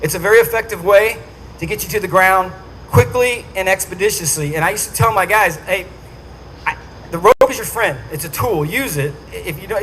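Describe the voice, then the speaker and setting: A man speaks to a dinner audience in a high-pitched voice and tells his story with animation, acting out each quote. A faint hum of the event venue sits under him. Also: a bit bright, rough recording.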